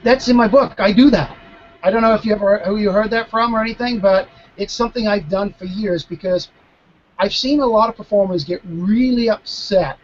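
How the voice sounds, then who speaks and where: A man with a high voice spins casual stage stories in an animated way, often circling back to restart his thoughts. The sound is dull and lo-fi, like video call audio, with a faint hiss behind him. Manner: animated, acting out dialogue, frequent restarts. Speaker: mentalist guest. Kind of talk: casual storytelling Q&A.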